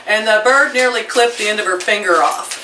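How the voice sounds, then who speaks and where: A middle-aged woman talks casually to her viewers and her animals, rambling from one thing to the next in a home vlog. Her voice is bright and carries a roomy echo. She sits some way back from the camera mic, with faint noise behind her. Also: mid-range voice, fairly quick, far from the mic. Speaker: vlogger. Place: home, indoors and out by the chicken pen.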